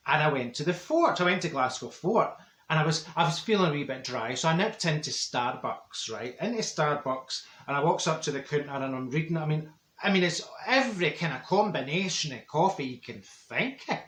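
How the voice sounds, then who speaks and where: A man's voice: fairly high pitch, animated, fairly quick, fairly bright tone, roomy sound. A man playing a blunt Glaswegian gossip woman. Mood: gossipy. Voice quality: broad Scots dialect, gossipy storytelling with put-on voices. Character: chatty middle-aged Glasgow woman, blunt people person. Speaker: comedy character monologue. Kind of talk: character comedy monologue.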